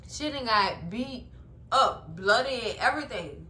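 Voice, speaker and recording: A woman chatting casually to her viewers as she recaps a TV episode, expressive and talkative. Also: a little high, measured pace, echoey room. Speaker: TV recap vlogger.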